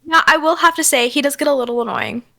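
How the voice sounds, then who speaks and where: Woman, 20s, podcast co-host: high, bright voice, giggly and gushing, dry close sound. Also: expressive, quick pace, vocal fry, no echo. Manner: gushing, giggly, says "like" a lot. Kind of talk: casual chat.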